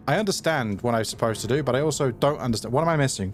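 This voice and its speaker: Male let's-play streamer, average pitch, loose and conversational, quick to grumble at himself. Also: a little hiss or hum. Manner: chatty, self-mocking, quick to frustration. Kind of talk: live gameplay commentary.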